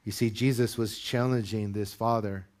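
A male pastor preaching to his congregation in church, moving from measured teaching into loud, high-pitched exhortation. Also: fairly even intonation. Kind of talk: sermon.

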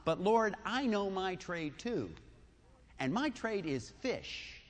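A man's voice: high-pitched, very animated, takes it slowly, exaggerated voice. A man preaching a sermon who voices a tired, exasperated fisherman, wryly listing his grievances in an echoey hall. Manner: wry, listing grievances point by point.

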